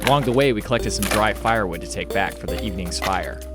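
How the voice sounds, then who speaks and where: A man's voice: on the low side, fast, over loud music. A young man narrating a hiking vlog in a plain, easygoing way. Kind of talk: voice-over narration.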